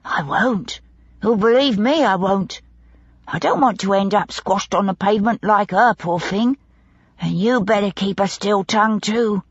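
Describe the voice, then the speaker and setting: Brief: woman reading as a confiding young maid, raised pitch, broad dialect, husky dull recording. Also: measured pace, no echo. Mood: earnest. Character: young gossipy female housemaid, eager and superstitious.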